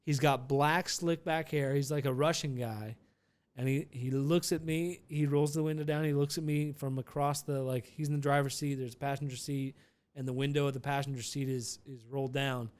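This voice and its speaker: Smooth-voiced young man telling a story. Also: medium pitch, moderate pace. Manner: rambling and animated, with frequent restarts and swearing. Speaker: podcast host. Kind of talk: casual storytelling.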